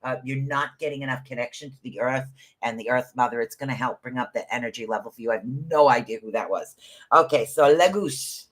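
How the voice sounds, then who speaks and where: A man in a middle pitch for his sex rambles through a live rune reading. He is chatty, repeats words and calls his listeners honey. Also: a little fast, a bit bright. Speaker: podcast host giving live rune readings. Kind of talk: casual livestream rune reading.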